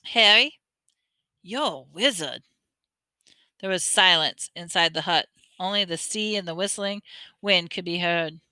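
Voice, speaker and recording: A woman reading a novel aloud with expressive storytelling and small slips, close to a dry mic. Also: on the low side, moderate pace, clean tone, dry recording. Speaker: audiobook reader.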